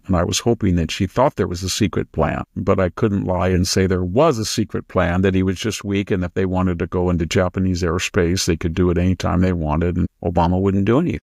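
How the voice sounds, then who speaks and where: A low-voiced man hosting a political talk show, with a gravelly texture throughout. He holds forth emphatically, lecturing point by point. The sound is dry and close. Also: little pitch movement, fairly quick, few pauses, a little mellow, no room sound. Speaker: host. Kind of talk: political commentary chat.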